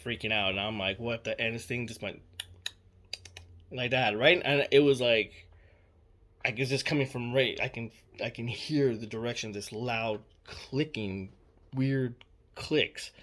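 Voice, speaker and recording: A man's voice: mid-range voice, a little slow, pauses often, a bit bright. Rambling young man telling a story. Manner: rambling, repeats himself, many fillers and swearing. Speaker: storyteller recounting a personal experience. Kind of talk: casual spoken account.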